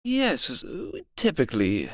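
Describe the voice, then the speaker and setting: A man voicing a polite, fussy male warden who speaks formally, with halting starts. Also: on the high side, wildly swooping pitch, no room sound, clean studio sound, voice pushed up, full character voice.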